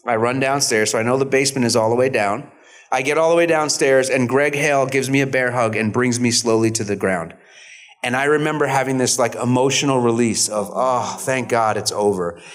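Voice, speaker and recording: A man in his fifties, an actor on a convention panel, telling stories in an animated, self-deprecating way. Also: medium pitch, brisk. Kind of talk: storytelling panel talk.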